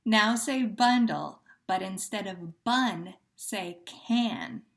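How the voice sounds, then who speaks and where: A woman's voice: mid-range voice, slow pace, vocal fry, a bit bright. A woman teacher leading a phonemic awareness drill, patient and carefully enunciating each syllable.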